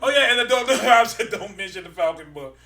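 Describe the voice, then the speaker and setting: Animated high-voiced man laughing through comic gripes. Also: a little fast, roomy sound, distant mic. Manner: animated, laughing, mocking, exclaims loudly. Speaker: podcast co-host. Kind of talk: casual chat about comic books.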